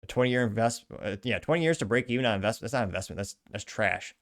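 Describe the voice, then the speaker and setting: A man's voice: mid-range voice, lively intonation, fast talker, fairly bright tone. A man hosting a solo commentary show, reading out posts in a sneering, mocking way and often trailing off. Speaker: host.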